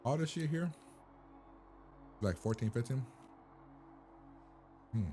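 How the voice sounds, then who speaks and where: A man's voice: medium pitch, slow, dark tone, faint music behind. A man reacting to a TV episode for the first time, blunt and profane, firing incredulous questions at the screen. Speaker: reaction host.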